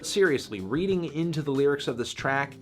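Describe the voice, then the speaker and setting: A man giving a music review in a dry, sarcastic, deadpan manner. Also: fairly high pitch, fairly quick. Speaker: music critic. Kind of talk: review commentary.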